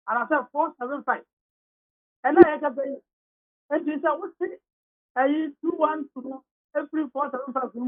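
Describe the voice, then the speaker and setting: A woman with a Ghanaian accent giving argumentative political commentary on a radio talk show, rattling off figures as she switches between Twi and English. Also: sits high. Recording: tinny phone-line radio audio.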